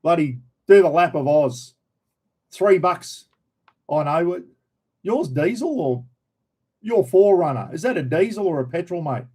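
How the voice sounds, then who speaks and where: A man's voice: a little high, animated, measured pace, long pauses, darkish tone, husky, rough recording. A man with an Australian accent, casually chatting on a livestream and answering viewer comments in a blunt, opinionated and slangy way. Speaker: livestream host.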